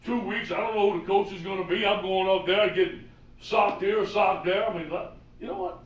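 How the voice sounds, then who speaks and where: Cajun guy coach telling a fired-up story, high voice, echoey, mic kinda far. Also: fairly quick, muffled recording. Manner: animated, acts out quoted dialogue. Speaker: football coach giving a presentation. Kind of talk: motivational storytelling talk. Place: presentation room. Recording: roomy hall, mic from far off.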